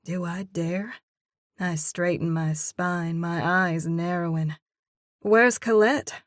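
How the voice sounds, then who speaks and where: A woman's voice: on the low side, takes it slowly, no room sound, clean studio sound. A woman narrating a first-person romance audiobook expressively, voicing the heroine's own lines as she goes. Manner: expressive, reads in character as heroine.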